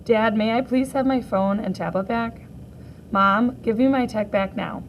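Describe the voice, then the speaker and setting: A woman teacher reading a graphic novel aloud for children, gently voicing each character in turn. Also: a little high, a little slow, dull audio, slight background noise.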